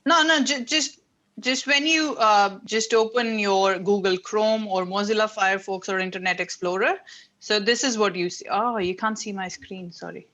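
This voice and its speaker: A woman's voice: mid-range voice, moderate pace, a bit bright. Lady teacher on a video call, patient, lots of uh and you know, walks through it step by step. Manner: patient, explaining step by step with frequent fillers. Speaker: English teacher. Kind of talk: online class instruction.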